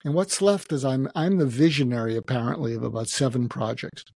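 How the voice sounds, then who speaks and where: An older man talks in a halting, reflective way, often restarting his sentences. His voice is husky and sits in a mellow, low register. The recording is dry and close. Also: no room sound. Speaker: guest psychiatrist. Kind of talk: emotional personal interview talk.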